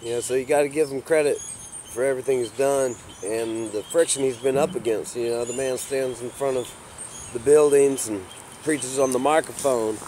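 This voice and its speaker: A man rambling in a casual vlog, swearing freely and saying "you know" constantly, and getting loud and heated when he tells a story. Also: mid-range voice, steady tone, normal speed, a little hiss or hum. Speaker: vlogger. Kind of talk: rambling casual monologue to camera.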